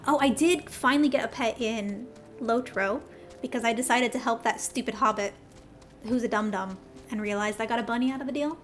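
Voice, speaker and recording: A woman's voice: on the high side, a little fast, soft background music. A woman streamer chatting casually while she plays, in a scattered way, often talking straight to her viewers. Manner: chatty, scattered, talks to chat. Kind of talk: casual gameplay chat.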